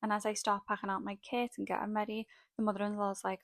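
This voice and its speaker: A woman's voice: mid-range voice, level tone, fast talker, a bit bright, dry recording. A young woman telling a story in a chatty vlog style, full of fillers. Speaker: makeup artist vlogger. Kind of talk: casual storytime while doing makeup.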